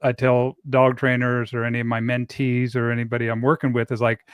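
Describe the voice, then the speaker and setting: A man hosting a casual podcast conversation about dogs, relaxed and conversational, reading out listener comments. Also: mid-range voice, brisk, clear, resonant tone, dry recording. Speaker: podcast host.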